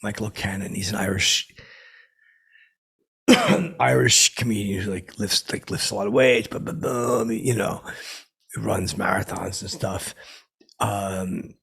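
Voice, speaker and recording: A man playing a self-important, washed-up comedian who hosts his own podcast from home, rambling in halting bursts full of fillers and restarts. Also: on the low side, steady tone, a bit bright, full character voice. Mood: rambling boastful. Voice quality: gravelly and raspy. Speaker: podcast host. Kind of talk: improvised comic character monologue.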